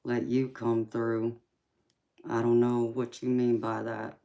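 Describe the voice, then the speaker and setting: A woman hosting a tarot livestream, chatting softly with viewers and calling them sweetheart and honey. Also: rumbling low, little pitch movement, slow pace, gravelly. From mixed Japanese, Polynesian, English, Irish and Scandinavian heritage. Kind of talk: casual livestream chat reading out viewer comments.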